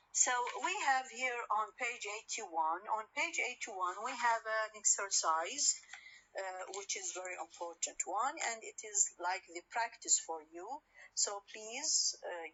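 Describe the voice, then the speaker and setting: Woman lecturer, Arabic accent, bright voice, halting delivery, lo-fi lecture recording. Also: mid-range voice. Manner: hesitant, many fillers and restarts. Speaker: university lecturer. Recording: dull lo-fi recording, faint noise.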